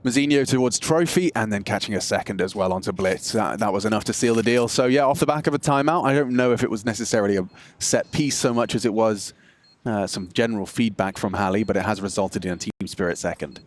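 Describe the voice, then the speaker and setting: A man giving color commentary on an esports match, chatty and analytical, jumping into excited reactions. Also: on the low side, fast talker, a little hiss or hum. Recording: broadcast mix with music underneath.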